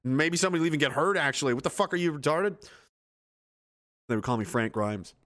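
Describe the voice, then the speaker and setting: A man's voice: fairly high pitch, lively intonation, fast, a bit bright. A man hosting a casual livestream, reading viewer comments aloud and answering with blunt, profane, exasperated rants.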